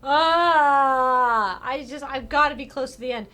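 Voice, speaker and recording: A young woman streamer casually commenting on a game, animated and exasperated. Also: sits high, faint music behind. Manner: animated, exasperated, quick asides.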